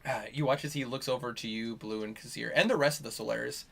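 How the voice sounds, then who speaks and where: A man's voice: medium pitch, fast, vocal fry, a bit bright. A man narrating as game master in a tabletop game, rambling with lots of fillers.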